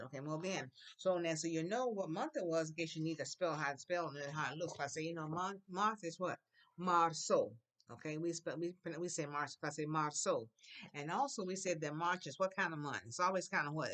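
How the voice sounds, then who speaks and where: A woman teaching a children's Spanish class, slowly modeling phrases for the class to repeat and coaxing them along. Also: lowish voice. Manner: coaxing and encouraging.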